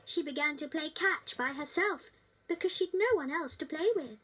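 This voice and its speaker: A woman's voice: high-pitched, normal speed, a bit bright, recorded from a distance, dull audio. A woman voicing a cheerful little-girl talking doll with a British accent, narrating a children's storybook in a sweet, sing-song way.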